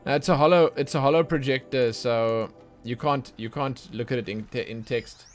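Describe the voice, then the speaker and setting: A man talks casually while he streams a video game, thinking aloud in a chatty, excitable way. His voice sits at an ordinary middle pitch. Faint game music plays underneath. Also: normal speed. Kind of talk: casual let's play commentary.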